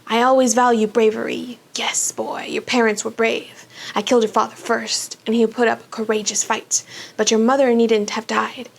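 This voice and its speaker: A woman doing a hissing evil dark wizard. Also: a little high, little pitch movement, moderate pace, vocal fry. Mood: menacing.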